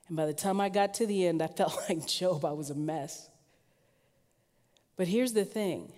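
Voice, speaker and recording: Woman preacher, lower-pitched voice, animated sermon delivery, long hall reverb. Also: moderate pace. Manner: lively storytelling, rising in pitch and force when emphatic.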